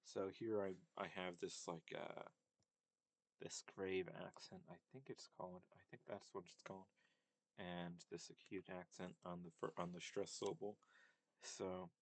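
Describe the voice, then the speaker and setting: A man's voice: deep voice, steady tone, normal speed. A man giving a casual linguistics lesson, hesitant and full of fillers and self-corrections. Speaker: language teacher.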